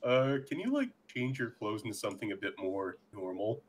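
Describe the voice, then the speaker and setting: A man with a lowish voice plays his part in an online tabletop game, joking around and filling his questions with little hesitations. A faint hiss of background noise sits under his speech. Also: sing-song, fairly quick. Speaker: player. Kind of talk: casual tabletop game play.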